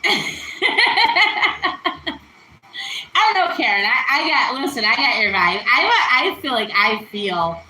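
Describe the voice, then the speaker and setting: A woman's voice: high voice, very animated, takes it slowly, pushed and bright, slight background noise. A woman hosting a casual home cooking stream, chatty and giggly and laughing often, in an echoey kitchen. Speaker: cooking show host. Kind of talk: casual cooking livestream chat.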